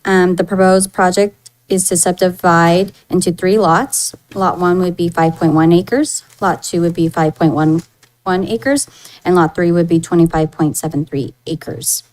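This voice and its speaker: Female county planner, low-ish voice, businesslike staff report delivery. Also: fairly even intonation, a little slow, darkish tone, poor audio. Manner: businesslike, reading figures with fillers. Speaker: principal planner. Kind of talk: staff report at public meeting.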